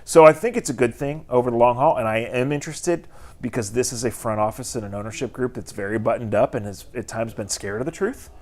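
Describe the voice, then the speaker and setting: A man's voice: mid-range voice, fast, darkish tone. A man, a sports reporter, chatting on a sports talk show and laughing easily.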